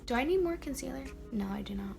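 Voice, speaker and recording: A young woman chatting casually as a beauty vlogger while doing her makeup, animated and playfully ranting. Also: high-pitched, fast, gravelly, over music. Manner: chatty and animated, rants playfully with emphatic emphasis.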